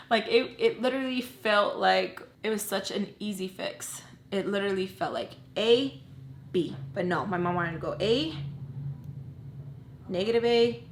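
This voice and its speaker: A woman telling a personal storytime, candid and blunt, swearing freely and dropping low and quiet at emotional moments. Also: a little slow. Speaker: storytime vlogger. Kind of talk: casual storytelling.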